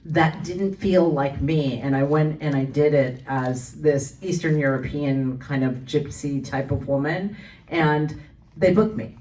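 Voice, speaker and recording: A woman's voice: sits low, measured pace, warm tone. Woman voice actor, convention panelist, rambling anecdotal storyteller, distant mic. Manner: chatty storyteller, many restarts and fillers. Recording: voice from far off the mic.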